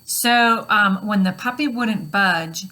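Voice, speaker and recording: A woman teaching a recorded grammar lesson in a steady, explanatory way, with frequent fillers. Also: medium pitch, takes it slowly.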